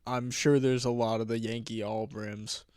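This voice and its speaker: Male podcast co-host, mid-range voice, dry mic, quick to laugh. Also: mid-range voice, level tone, a little mellow, no echo. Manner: laughs often, eggs on the story. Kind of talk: casual comedy chat.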